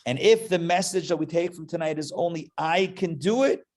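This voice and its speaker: A man's voice: fairly high pitch, normal speed, a little mellow. A rabbi giving a live Torah class in a loose, chatty way, often restarting his sentences, adding joking asides, and swelling with emphasis as he tells a story. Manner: casual, self-interrupting, joking asides.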